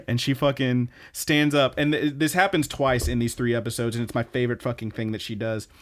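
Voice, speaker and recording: A young man co-hosting a casual podcast, retelling scenes with excited, profane chatter full of "like". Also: mid-range voice, brisk. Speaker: podcast co-host.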